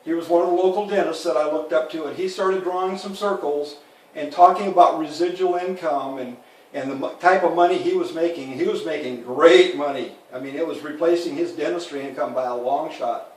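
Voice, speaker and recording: A man's voice: fairly high pitch, a little fast. A man in his fifties giving an earnest, candid network marketing training talk and addressing listeners as guys. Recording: echoey room, mic at a distance.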